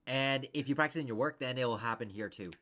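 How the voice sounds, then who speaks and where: A man's voice: medium pitch, fast, a bit bright. A man coaching over a video call, rambling casually with many restarts and fillers. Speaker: interview coach.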